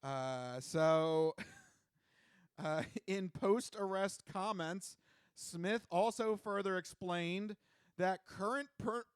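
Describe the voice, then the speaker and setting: A man co-hosting a podcast in casual comedic chat, who laughs often and reads news quotes out slowly. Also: high voice, smooth, dry recording, studio quality. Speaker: podcast co-host.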